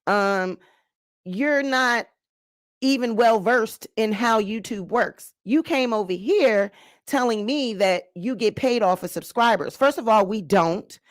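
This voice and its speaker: A woman's voice: fairly high pitch, slow pace, dry recording. A woman YouTuber ranting straight to camera, sassy and confrontational, walking viewers through her points and checking in with "okay?". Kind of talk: direct-to-camera rant and explainer.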